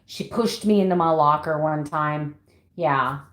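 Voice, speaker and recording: Woman in her 50s, keto vlogger, low-ish voice, chatty, laughs easily, roomy echo. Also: a little slow, fairly bright tone. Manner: chatty, laughs often, reads out viewer names. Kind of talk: casual livestream chat with viewers. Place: home room. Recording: echoey room.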